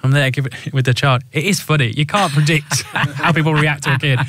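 A man's voice: a little high, fairly even intonation, fairly quick, fairly bright tone, no room sound. A man in his thirties co-hosting a radio show, telling wry anecdotes in casual banter. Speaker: radio co-host.

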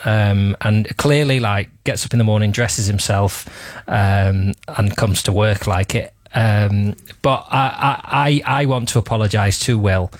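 A man's voice: on the low side, steady tone, unhurried, no echo. Man, radio host, teasing, rambling, laughs a lot, dry close studio mic. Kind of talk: casual comedic chat.

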